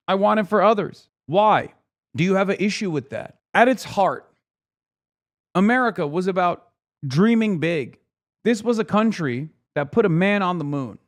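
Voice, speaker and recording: High-voiced man ranting with exasperation. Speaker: streamer host reacting to a clip. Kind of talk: casual reaction commentary.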